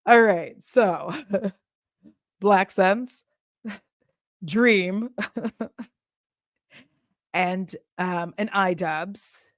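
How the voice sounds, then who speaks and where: A woman's voice: mid-range voice, very slow, long pauses, dry recording, studio quality. Chatty woman with frequent laughs. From Texas. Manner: chatty, laughs often, tangents and asides. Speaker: commentary YouTuber. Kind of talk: casual commentary.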